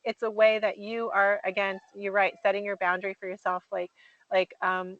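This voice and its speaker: A woman's voice: medium pitch, level tone, normal speed, a bit bright, dry recording. A woman in her forties hosting an interview, upbeat and encouraging, laying out points step by step. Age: 40s. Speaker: podcast host, coach. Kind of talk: casual interview. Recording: dry, dull lo-fi mic.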